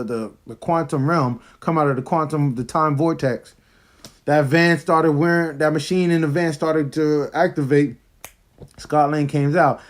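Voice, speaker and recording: Excited slangy man, fairly high voice. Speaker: movie reviewer. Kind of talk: casual spoiler review.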